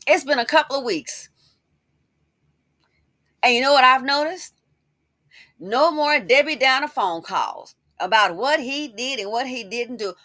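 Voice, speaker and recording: A woman's voice: sits high, unhurried, pauses often, bright, forceful tone, no echo, clean studio sound. A woman giving sassy, scolding commentary in a casual style. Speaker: commentary host.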